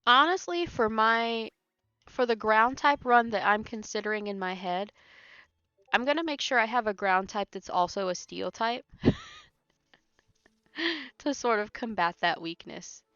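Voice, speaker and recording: A woman's voice: fairly high pitch, animated, measured pace, long pauses, bright, forceful tone, clean tone, no room sound. A woman streaming a game, chatting casually, rambling with lots of fillers and laughing often. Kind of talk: casual chat while playing a game live. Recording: dry, slightly muffled with faint music.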